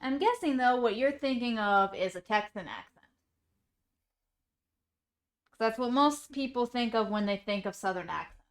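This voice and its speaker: Chatty higher-voiced woman streamer. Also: animated, moderate pace, pauses often. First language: English. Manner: chatty, rambling, reacting to viewer comments. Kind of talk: casual chat.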